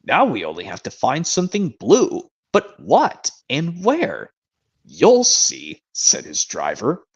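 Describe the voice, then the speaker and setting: A man imitating a calm male storybook narrator, reading the tale slowly and deliberately on a dull, lo-fi mic. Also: on the high side, breathy edge, full character voice. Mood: storytelling. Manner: slow, deliberate storytelling read.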